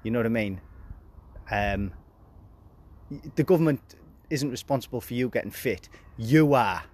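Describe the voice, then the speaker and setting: A man in his forties reads out news headlines in a loose, casual podcast. His voice sits in an ordinary middle pitch, and he drops flat, sarcastic remarks after each story. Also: moderate pace. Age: 40s. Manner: deadpan, sarcastic asides on headlines. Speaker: podcast host.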